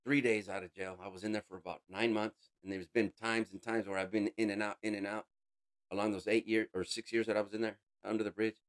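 Lowish-voiced guy telling his story, earnest, says bro a lot, gets loud then real quiet. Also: little pitch movement, fast talker. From United States. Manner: earnest and emotional, calls the listener bro; swings between raised intensity and hushed quiet. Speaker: interview guest. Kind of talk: personal testimony.

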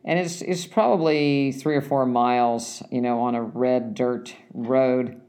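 Gravelly man telling a rambling story. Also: medium pitch, steady tone, darkish tone. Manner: rambling, halting, with frequent restarts. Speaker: runner recounting a race. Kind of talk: casual storytelling.

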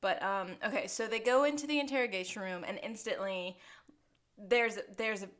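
A woman's voice: mid-range voice, brisk, fairly bright tone. A woman co-hosting a podcast in casual chat, chatty and giggly, acting out quoted lines as she goes. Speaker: podcast co-host.

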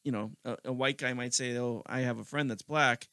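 A man's voice: medium pitch, fairly even intonation, a little fast, sharp tone, clear, resonant tone, no room sound, clean studio sound. A man co-hosting a podcast, agreeing often and chatting casually, swearing now and then. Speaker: podcast co-host. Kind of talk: casual political chat.

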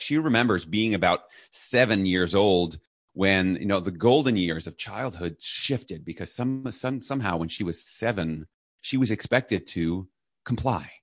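A middle-aged man, a podcast guest, telling a personal story in an earnest, reflective way and briefly acting out the loud lines he quotes. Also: low-pitched, no echo, studio quality.

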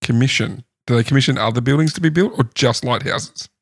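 A man's voice: medium pitch, fairly quick, no room sound, clean studio sound. A man co-hosting a podcast, teasing his co-host with puns and questions. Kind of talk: casual chat.

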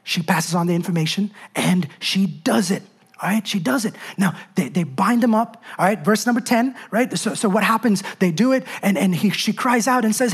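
A woman's voice: mid-range voice, normal speed, slightly rough. A woman preaching a sermon in an emphatic, conversational way, full of rhetorical questions and asides.

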